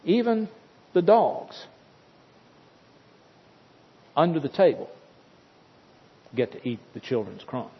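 A frantic mother pleads for her dying child in a high, strained voice, as a male preacher acts her out. The sound is dull and rings with a long hall echo. Her words come in urgent, broken bursts. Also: very animated, a little slow, breathy edge, full character voice. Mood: insistent. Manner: pleading, breathless, raised. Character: desperate mother begging for her dying daughter.

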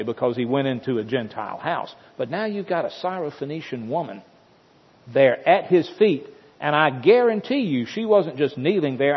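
Husky preacher man in an echoing hall. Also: mid-range voice. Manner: dramatic storytelling with emphatic repetition. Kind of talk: sermon. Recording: dull sound with long hall reverb.

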